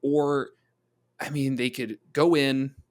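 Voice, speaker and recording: A man's voice: medium pitch, flat delivery. A man co-hosting a tabletop-game podcast, talking through monster design in a casual, thoughtful way. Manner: thoughtful, chatty, acts out quick quoted voices.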